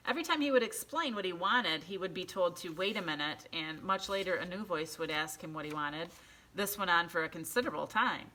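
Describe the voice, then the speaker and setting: A woman reading a children's book aloud in an expressive, animated storytelling way. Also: fairly low pitch, a little fast. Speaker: reader.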